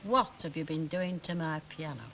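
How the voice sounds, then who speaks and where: Brief: sharp-tongued older Northern woman, scolding and sarcastic, in a 1960s TV soap. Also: low-pitched, moderate pace, low-quality recording. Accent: Northern English.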